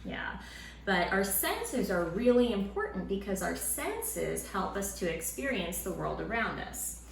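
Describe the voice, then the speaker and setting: A woman teaching a Sunday school lesson to children at home, in a lively, encouraging way. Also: mid-range voice, a little slow, vocal fry, a little hiss or hum. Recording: roomy room sound with faint ambience.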